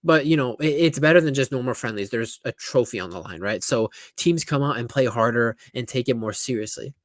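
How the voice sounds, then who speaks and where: A man's voice: medium pitch, fairly quick, dry recording, clean studio sound. A man giving casual, opinionated football analysis, talking bluntly with lots of restarts and asides. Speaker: football pundit YouTuber.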